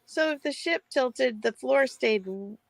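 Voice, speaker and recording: A woman's voice: high voice, animated, creaky, dry recording. A woman co-hosting a live craft sale, giggly and chatty, counting down the bids. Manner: giggly, slow and warm, counts down auctions. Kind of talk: casual live-stream chat.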